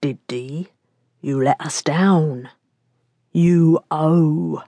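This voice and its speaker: A woman doing a low, menacing thug. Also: mellow, no room sound, full character voice. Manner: low, slow, threatening. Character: menacing young male thug, leering.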